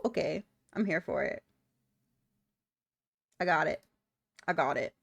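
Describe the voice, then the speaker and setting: A woman's voice: deep voice, expressive, slow, vocal fry, long pauses, breathy edge, no room sound. Young woman, live streamer, casual banter, playful, laughs often, dry room. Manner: giggly, playful, swears a lot. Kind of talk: casual chat reading out viewer messages.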